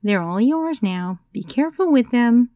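A woman reading an audiobook, voicing a calm, blunt, heavily pregnant woman who snaps curt orders. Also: fairly high pitch, moderate pace, no room sound, muffled recording, voice pushed up, lightly acted. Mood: sweetly dry.

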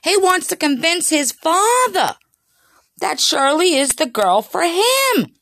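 A woman's voice: extremely high pitch, very animated, slow, a bit bright, no echo. A middle-aged woman telling a crude story in a casual, chatty way, talking straight to her listeners.

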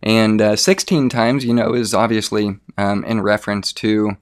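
A man with a somewhat low voice lays out a theological argument in plain, conversational talk. He speaks earnestly, pausing on fillers and restarting phrases as he reasons aloud. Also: fairly even intonation, clear, resonant tone. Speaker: theology debater.

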